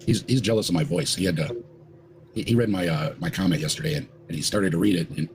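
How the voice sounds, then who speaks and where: A man in casual livestream chat, teasing and animated. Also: deep voice, quick pace. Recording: noisy livestream audio.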